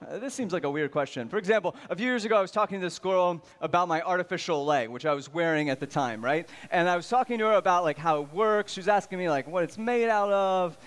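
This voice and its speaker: A man in his thirties doing stand-up comedy, telling stories in an animated way and acting out the voices of the people in them. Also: high-pitched, quick pace, few pauses. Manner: animated, acts out quoted voices.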